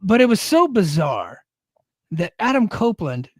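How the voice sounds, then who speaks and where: Blunt, higher-voiced male podcast co-host. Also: big pitch swings, a little slow, husky, no room sound, studio quality. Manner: blunt, opinionated, swears freely. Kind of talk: casual chat.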